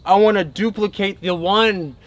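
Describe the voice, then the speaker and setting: A man's voice: high voice, fairly even intonation, moderate pace, close to an everyday voice. A man voicing a young female goddess who gushes with thanks and wants to please. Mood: gushing. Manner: effusive, thankful, eager to please.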